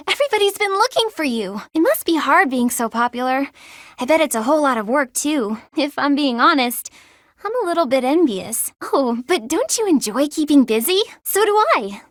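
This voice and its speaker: An earnest young game heroine who throws herself into everything and giggles when flustered. Her voice sits high and light. The studio recording is dry and close. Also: big pitch swings, dry recording. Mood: chatty. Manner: eager, earnest and quick to giggle. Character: eager earnest young woman student, hardworking and shy. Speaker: video game character. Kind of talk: video game voice acting.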